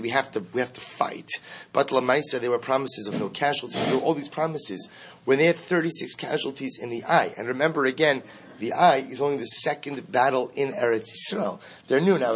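Husky-voiced man teaching Talmud. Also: mid-range voice. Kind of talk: Talmud class lecture.

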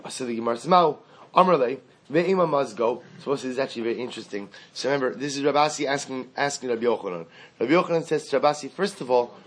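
A man of middling pitch teaches a Talmud class. He reasons aloud in a singsong study cadence, weaving Hebrew and Aramaic terms into plain talk. He restarts phrases and asks and answers his own questions. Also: animated, quick pace, slightly rough.

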